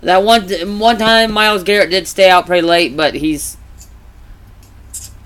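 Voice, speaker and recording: A man casually chatting in a vlog, rambling with restarts and growing animated as he retells stories. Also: high-pitched, measured pace, clean tone. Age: adult. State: congested from allergies. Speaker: vlogger. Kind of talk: casual chat.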